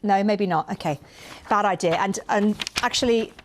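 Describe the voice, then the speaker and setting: A woman's voice: medium pitch, moderate pace, a little hiss or hum. A woman presenting live news in a studio, joking and playful with her colleagues between stories. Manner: playful, jokey asides to colleagues. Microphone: presenter's mic, earpiece in ear.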